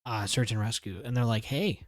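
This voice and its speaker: A young man telling a wild story on a podcast, swearing freely and throwing himself into the other people's voices. His voice sits at an ordinary pitch. The sound is close and dry. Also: brisk, dry recording. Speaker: podcast co-host. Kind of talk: casual storytelling chat.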